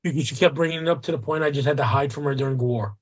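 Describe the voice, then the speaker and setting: A man's voice: mid-range voice, racing. A man co-hosting a podcast, chatting in a loose, rambling way. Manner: loose rambling talk with many fillers. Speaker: podcast co-host. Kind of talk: casual chat.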